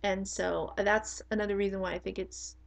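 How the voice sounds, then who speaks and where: A middle-aged woman speaks in a casual monologue with blunt, emphatic conviction. Her voice sits at an ordinary pitch for a woman, with a gravelly fry running through it. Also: little pitch movement, moderate pace, poor audio. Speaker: spiritual teacher.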